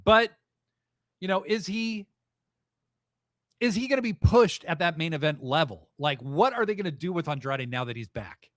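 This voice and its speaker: A man hosting a live wrestling podcast, recapping events in a rambling, excitable, profane way. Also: a little high, normal speed, pauses often, no echo, studio quality. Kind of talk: casual live show recap.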